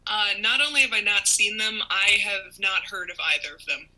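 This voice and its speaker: A woman guest on a comedy show over a video call, self-deprecating and animated as she acts out her own reactions. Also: mid-range voice, moderate pace, rough recording. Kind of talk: casual comedic banter.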